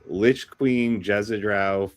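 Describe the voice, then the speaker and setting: A man hosting a script workshop reads stage directions aloud and drops dry, wry asides. His voice is very low. He talks at an unhurried, slow pace. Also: steady tone. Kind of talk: reading scripts aloud with commentary.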